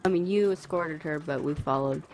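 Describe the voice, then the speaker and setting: Chatty low-voiced woman player. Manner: chatty, quick, joking. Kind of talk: casual chat at a tabletop game.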